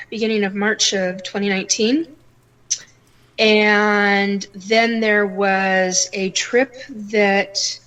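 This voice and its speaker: A middle-aged woman, a psychic guest, telling her stories in a casual and animated way and acting out the voices in them. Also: mid-range voice, lo-fi sound. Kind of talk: casual storytelling interview.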